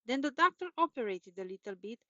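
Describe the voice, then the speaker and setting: A woman's voice: a little high, very animated, fairly quick, pushed and bright, no room sound. Woman storyteller, children's story reading, lilting repetitive telling, dry close sound, muffled. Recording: dull, dry recording.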